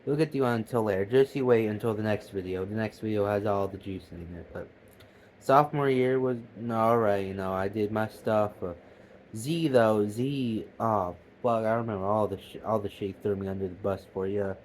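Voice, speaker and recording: A man's voice: on the low side, brisk, darkish tone, slight background noise, low-quality recording. A young man vlogging at home, telling a rambling story with lots of swearing and stammered restarts. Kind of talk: casual storytelling.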